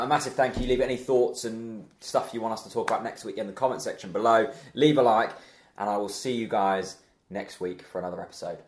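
Low-voiced casual podcast host, echoey room. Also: male voice. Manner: chatty, jokey, laughs easily. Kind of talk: casual football podcast chat.

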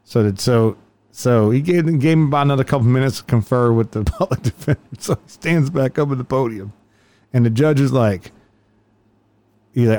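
A man's voice: mid-range voice, normal speed, mellow. A man telling a profane story in casual chat, laughing as he goes, speaking as a police officer. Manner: profane, laughs through his stories.

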